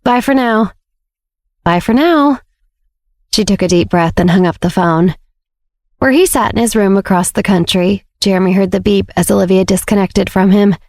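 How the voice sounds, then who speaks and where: A woman's voice: medium pitch, steady tone, fairly quick, a little mellow, dry recording, studio quality. A woman reading a romance novel aloud as scripted audiobook narration.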